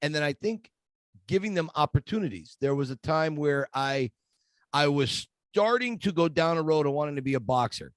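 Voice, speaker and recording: A middle-aged man, a guest in a podcast interview, telling stories in a lively way and acting out the voices of people he quotes. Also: fairly high pitch, normal speed, dry recording.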